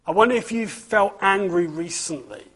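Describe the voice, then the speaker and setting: A man's voice: high-pitched, moderate pace, fairly bright tone, husky. A man giving a children's talk at church, reading a storybook aloud and asking the listeners questions.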